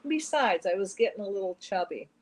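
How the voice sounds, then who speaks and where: Kindly old shopkeeper, gruff folksy storybook grandpa read by a woman, mid-pitched. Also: animated, a little fast, close to an everyday voice. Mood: gentle. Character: kindly old male shop owner.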